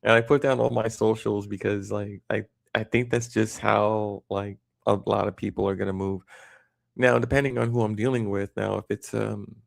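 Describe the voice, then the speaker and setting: A man's voice: on the low side, gravelly, dry recording, clean studio sound. A man hosting a livestream, rambling in casual chat with lots of fillers and restarts. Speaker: livestream host.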